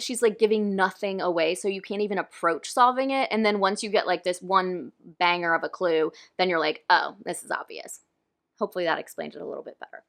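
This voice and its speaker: A woman's voice: on the low side, creaky, a bit bright. A young woman reviewing books in casual, ranting chat, full of "like" and fillers. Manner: chatty, frequent "like", ranting. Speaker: book reviewer.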